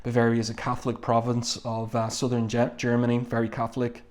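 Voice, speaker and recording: A man casually reviews a comic book, reading the panels aloud in a plain way and chatting about them with frequent "uh" and "um." His mid-range voice is monotone and darkish, and he talks fairly quickly.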